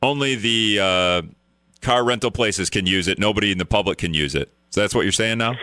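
A man's voice: lowish voice, fairly quick, bright, forceful tone, dry recording. A man hosting a call-in radio talk show, reading news aloud in a wry, casual way.

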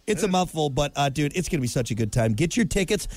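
A man's voice: a little high, animated, darkish tone, no room sound. Joking male morning radio host. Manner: joking, plugs events in a quick announcer patter. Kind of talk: casual radio banter.

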